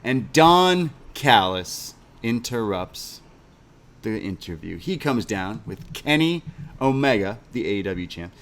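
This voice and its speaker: A man co-hosting a podcast, excitedly recapping a wrestling show and retelling the promos. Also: on the low side, slow pace. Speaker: podcast co-host. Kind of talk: casual wrestling recap chat.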